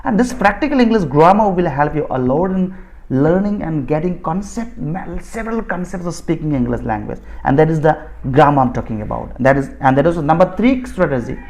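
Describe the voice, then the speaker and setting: A man's voice: on the high side, expressive, brisk, gravelly, a little mellow. A man from Assam with an Indian accent, a native Bodo speaker, teaching spoken English in a lecture. He talks in a repetitive, insistent way, often rewording phrases and restarting sentences. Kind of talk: explanatory lecture.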